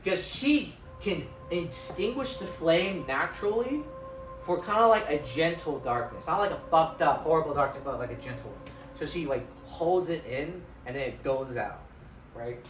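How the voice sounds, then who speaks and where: A young man giving an informal lecture in a hall, excited and swearing a lot, tagging his sentences with "right?", recorded on a phone from far off. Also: fairly high pitch, normal speed. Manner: excited, swears constantly, tags lines with "right?". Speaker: student presenter. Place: lecture room, indoors. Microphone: phone from afar. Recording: roomy phone recording from far off, faint music.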